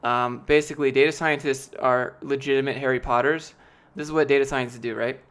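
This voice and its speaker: A man's voice: medium pitch, steady tone, brisk, fairly bright tone, smooth. A young man chatting casually on a live stream, answering chat with rambling, jokey, profane talk.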